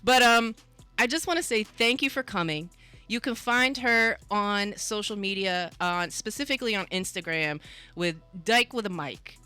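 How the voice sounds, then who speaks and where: Bright-voiced, chatty woman radio host. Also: medium pitch, clean tone, soft background music. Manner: chatty, laughs often, quick asides. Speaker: radio show host and mental health advocate. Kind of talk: casual radio chat.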